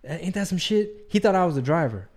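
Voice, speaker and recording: A man's voice: high voice, lively intonation, quick pace, a loud crowd. A man co-hosting a casual podcast chat, laid-back and profane, full of joking asides. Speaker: podcast co-host.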